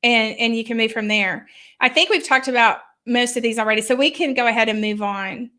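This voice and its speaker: A woman's voice: a little high, steady tone, a little fast, sharp tone. A woman speaking as a parenting expert on a live stream, earnestly explaining with examples and sample scripts. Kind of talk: advice talk on a live stream. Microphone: online video call.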